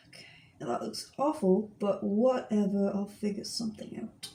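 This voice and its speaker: Drawing on her stream, a woman in her twenties tells a meandering story stuffed with fillers. Her medium-pitched voice is warm and steady with some vocal fry, moving at a moderate pace in an echoey room.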